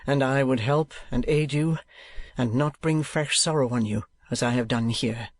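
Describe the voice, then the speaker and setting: Man reading as a gentle young teacher. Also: medium pitch, normal speed, dry recording, lightly acted. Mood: sorrowful. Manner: calm, sorrowful, soothing. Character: earnest, gentle young male schoolteacher.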